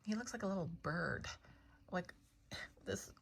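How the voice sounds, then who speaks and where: A woman casually telling a meandering personal story to her cat, chatty and full of restarts, sometimes dropping to hushed asides. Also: on the low side, big pitch swings, measured pace, creaky, slight background noise. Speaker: vlogger talking to her cat.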